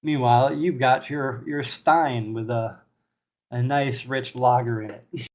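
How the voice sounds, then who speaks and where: A man's voice: mid-range voice, fairly even intonation, unhurried, a little mellow. A man narrating a tabletop game as game master, casual and a bit hesitant.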